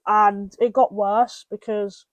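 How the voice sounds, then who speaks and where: A woman's voice: medium pitch, little pitch movement, takes it slowly, dry recording. A young British woman hosting a podcast, telling personal stories in a rambling way, full of restarts and asides. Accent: British English. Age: young adult. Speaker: podcast host. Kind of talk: casual personal storytelling.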